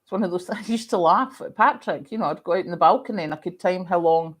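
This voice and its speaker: Woman, Scottish accent, middle-aged, lowish voice, chatty livestream host, slight cough. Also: fast talker. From Scotland. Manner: chatty, animated storytelling. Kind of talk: casual chat reading viewer comments.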